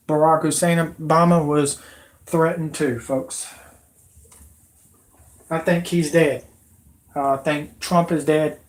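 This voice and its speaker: A livestream host giving an agitated, emotional, rambling rant into a computer microphone. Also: mid-range voice. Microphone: computer mic.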